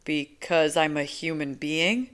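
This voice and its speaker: A woman's voice: sits low, slow pace, clear, resonant tone. A woman reading a teasing, laid-back young man. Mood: amused, teasing. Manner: relaxed, teasing, emphatic. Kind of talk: audiobook character voice.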